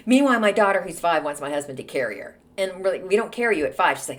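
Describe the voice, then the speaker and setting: Snarky, animated woman telling a story. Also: mid-range voice, fast, few pauses. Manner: snarky, animated, acts out quoted voices. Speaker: podcast host. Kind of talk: casual storytelling monologue.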